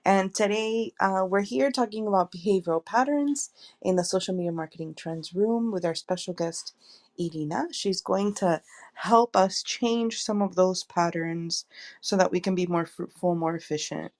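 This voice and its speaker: A woman's voice: mid-range voice, moderate pace, darkish tone. A woman who is a stress coach, co-hosting an audio chat room and inviting the audience to ask questions in a friendly, welcoming way. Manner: friendly, inviting, explaining the room's rules. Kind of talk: casual podcast hosting.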